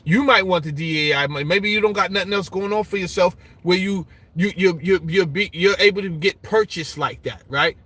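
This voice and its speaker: Speaking from Brooklyn, a man answers viewer comments in casual opinion talk, animated and mocking, with lots of repetition, repeating "you understand?". His voice is high-pitched and fairly quick, with few pauses.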